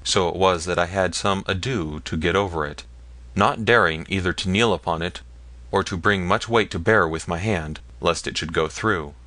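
Male audiobook narrator, low forceful voice, dry close recording, measured storytelling. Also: no echo. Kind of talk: scripted narration.

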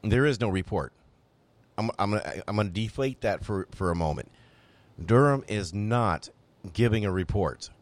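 A man's voice: on the low side, normal speed, no room sound. A man hosting a political talk show, speaking emphatically and repeating phrases to drive his points home. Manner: emphatic, animated, repeats himself when making a point. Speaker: podcast host.

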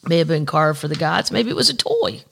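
Animated and a little fast, the host's mid-range voice is gravelly and a bit bright, with a breathy edge. On the podcast, the host reads news aloud, adds asides, and swears often in a candid, rambling casual chat.

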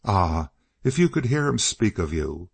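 A man's voice: low voice, sing-song, unhurried, vocal fry, darkish tone, husky, full character voice. A man doing earnest young Kate Pollard. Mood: pleading. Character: earnest young woman, passionate and pleading.

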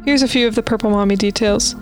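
Woman podcast co-host, a bit high-pitched, reads creepy listener stories with playful asides, faint music underneath. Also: fairly even intonation, quick pace, a little mellow. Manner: reads posts aloud with playful asides and laughs. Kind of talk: casual podcast chat, reading stories aloud.

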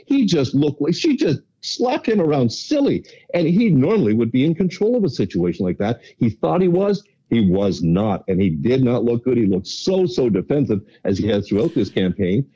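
A man giving political commentary as a panelist, talking quickly and emphatically and piling up repeated points. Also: medium pitch, very animated, warm tone, husky, lo-fi sound.

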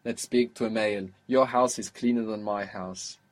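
A man with a fairly low voice gives a spoken Arabic lesson. He explains slowly and patiently, modelling words and asking his student to repeat them. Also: steady tone. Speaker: Arabic teacher.

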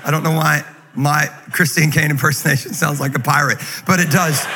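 A man preaching a sermon in an energetic, joking, conversational way. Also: a little high, brisk. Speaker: guest pastor. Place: large church auditorium. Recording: reverberant hall, faint noise.

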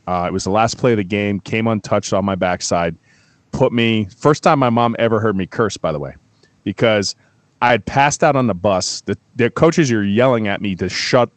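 A middle-aged man talking football on a casual show, telling stories in an animated way, swearing freely and getting worked up. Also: lowish voice, normal speed, no echo. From Florida. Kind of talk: casual sports talk.

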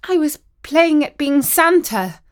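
A woman's voice: sits high, animated, slow, pitched above the performer's own voice. A woman voicing a plucky, earnest young girl, speaking with eager earnestness. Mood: sheepish.

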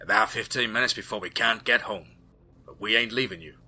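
A man voicing a tough male helicopter pilot speaking loud, clipped radio calls in a story. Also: on the low side, a little fast, faint music behind. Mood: terse.

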